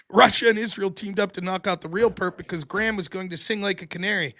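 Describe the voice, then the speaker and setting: A man hosting a podcast in casual chat, reading viewer messages and joking around. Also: high voice. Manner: animated, joking, quick to laugh. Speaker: podcast host reading super chats.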